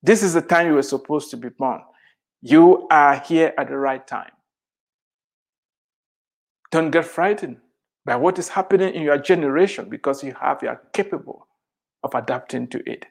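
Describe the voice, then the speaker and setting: A motivational speaker giving an emphatic address, repeating phrases for effect and firing rhetorical questions, shifting between loud and soft delivery. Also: medium pitch, normal speed, creaky, pauses often.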